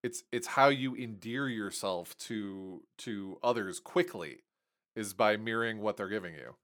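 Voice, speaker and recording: A man co-hosting a podcast in casual chat, playful and joking, with halting restarts. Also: on the low side, a bit bright. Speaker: podcast co-host.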